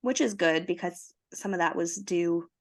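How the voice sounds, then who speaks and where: A young woman co-hosting a casual podcast, her voice hoarse from a cold, telling her story in a chatty, self-mocking way. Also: lowish voice, moderate pace, darkish tone. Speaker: podcast co-host. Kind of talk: casual chat.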